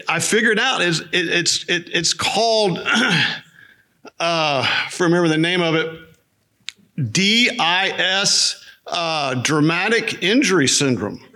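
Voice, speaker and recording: A male pastor welcoming his church and telling a made-up comic story in a chatty, deadpan way, with fillers and restarts. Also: sits high. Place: church sanctuary.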